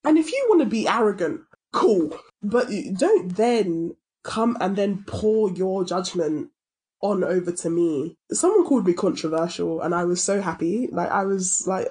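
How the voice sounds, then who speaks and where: A woman's voice: mid-range voice, lively intonation, a little slow, a little mellow, husky. A British woman co-hosting a podcast, talking in an emphatic, ranting way with the odd swear. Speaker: podcast co-host. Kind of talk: casual chat.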